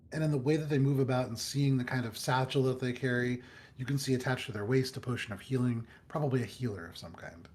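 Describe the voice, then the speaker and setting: A man's voice: mid-range voice, a little mellow. A man narrating a tabletop game as dungeon master, describing the scene with frequent ums and uhs. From United States.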